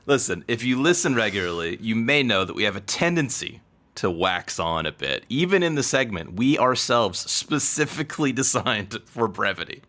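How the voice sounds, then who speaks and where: A man hosting a podcast, introducing segments in a wry, measured way. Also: mid-range voice, animated, pushed and bright.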